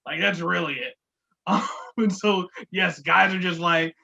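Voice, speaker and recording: A man's voice: sits high, a little slow, creaky. A man co-hosting a podcast, joking loosely and swearing as he riffs on a reality show. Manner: animated, joking, swears freely, laughs often. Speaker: podcast co-host. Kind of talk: casual TV recap chat.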